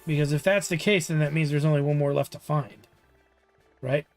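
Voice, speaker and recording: A man's voice: fairly high pitch, fairly even intonation, brisk, faint music behind. Joking young man streaming a game. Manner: joking, playful, slips into silly bits. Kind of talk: casual live-stream chat.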